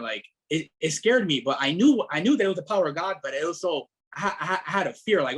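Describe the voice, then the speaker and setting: Husky-voiced man telling his story. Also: on the high side, a little fast, hardly any pauses. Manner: animated, repeats words and fillers. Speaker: podcast guest. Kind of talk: casual testimony.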